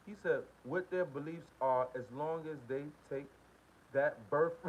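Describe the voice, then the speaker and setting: A man's voice: fairly high pitch, a little slow. A man hosting a live stream, talking casually and repetitively in while reading viewer comments. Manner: venting, repetitive, slangy. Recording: dull lo-fi stream with faint hiss.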